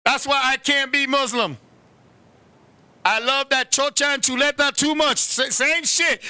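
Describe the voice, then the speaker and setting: A man hosting a comedy show, ranting loudly and brashly, swearing freely and sometimes breaking into chants. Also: very high-pitched, fairly even intonation, measured pace, dry recording. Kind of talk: comic rant.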